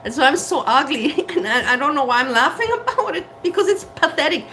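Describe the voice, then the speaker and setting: A woman's voice: high-pitched, lively intonation, fairly quick, sharp tone, slight background noise, low-quality recording. A woman vlogging candidly to camera from her kitchen, frank and blunt, swearing and laughing at herself. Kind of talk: candid casual talk to camera. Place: home kitchen.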